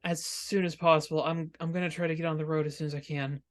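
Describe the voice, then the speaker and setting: A woman voicing a confused, apologetic young man in a tabletop game, speaking haltingly. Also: sits low, fairly even intonation, close to an everyday voice.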